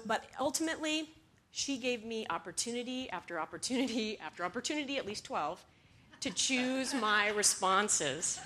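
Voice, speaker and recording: This mid-range female voice belongs to a woman giving a talk. Her storytelling is animated, broken up by occasional laughter and by acting out quoted lines.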